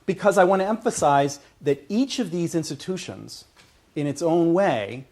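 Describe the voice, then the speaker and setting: A man's voice: on the high side, lively intonation, normal speed, a little mellow. A male lecturer explaining ideas step by step to a class, often checking in with "okay" and restarting phrases. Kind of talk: university lecture. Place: lecture hall.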